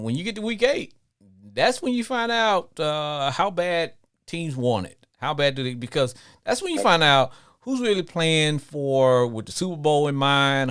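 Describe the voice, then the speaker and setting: A man's voice: medium pitch, fairly bright tone, smooth. A man hosting a sports talk show, chatting casually and repeating words while he thinks. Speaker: radio show host.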